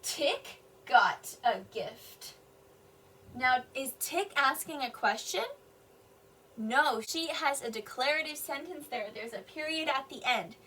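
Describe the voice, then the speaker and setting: A woman kindergarten teacher reading a picture book aloud to young children, slowly explaining each sentence in simple words. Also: high voice, bright, forceful tone, a little hiss or hum. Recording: voice a bit distant from the mic.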